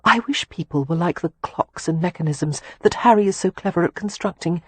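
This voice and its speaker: A man's voice: high-pitched, a little fast, a bit bright, slightly rough, dry recording. A man voicing a reserved, guarded young woman in an audiobook romance, answering hesitantly. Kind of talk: audiobook character dialogue.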